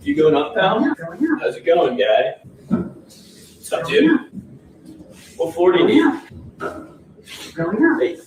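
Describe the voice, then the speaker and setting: Man doing a condescending tall elevator guy, slow drawl, pitch swooping widely, roomy and distant sound. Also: wildly swooping pitch, a little mellow, a little hiss or hum, full character voice. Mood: mocking. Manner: mocking, condescending greetings.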